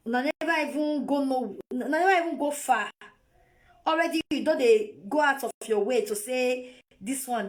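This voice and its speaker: A Nigerian woman on a phone live video, lecturing her viewers in a scolding, repetitive way. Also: high voice. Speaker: vlogger.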